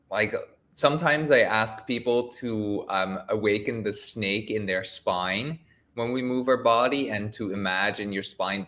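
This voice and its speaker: Low-pitched man, gentle chat. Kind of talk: casual livestream chat.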